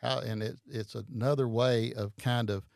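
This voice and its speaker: A man explaining a Bible study method in casual chat, halting and hesitant with many fillers. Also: mid-range voice, steady tone, vocal fry, darkish tone, dry recording, clean studio sound.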